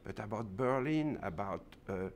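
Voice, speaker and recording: Male film historian, lowish voice rising and falling a lot, halting and emphatic. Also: expressive, slight background noise. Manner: halting, many fillers, emphatic. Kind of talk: interview commentary.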